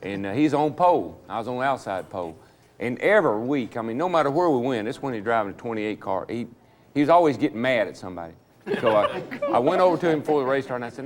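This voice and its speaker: Guy rattling off old racing stories fast, laughing as he goes. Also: mid-range voice. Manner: fast, animated anecdotes, laughing. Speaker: retired stock car driver. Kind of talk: storytelling at a reunion panel.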